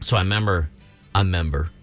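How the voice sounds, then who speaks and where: A man co-hosting a morning radio show, telling a rambling childhood story in casual banter and jumping into high-pitched outbursts. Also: fast, faint music behind.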